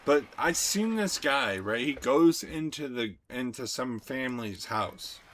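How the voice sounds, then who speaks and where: A young man streaming, talking to his chat in an excitable, profane rant. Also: mid-range voice, measured pace, slight background noise. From United States. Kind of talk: casual livestream chat.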